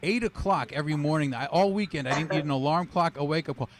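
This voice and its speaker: A man's voice: on the high side, fast. A man doing a wisecracking, self-deprecating stand-up routine over a video call. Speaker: stand-up comedian. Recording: noisy video call audio.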